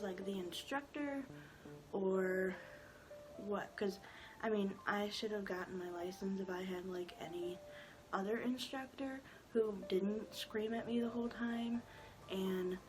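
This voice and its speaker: A woman's voice: medium pitch, takes it slowly, music in the background, low-quality recording. A woman in her twenties telling a personal story in a casual, rambling way with lots of filler words. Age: 20s. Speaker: vlogger.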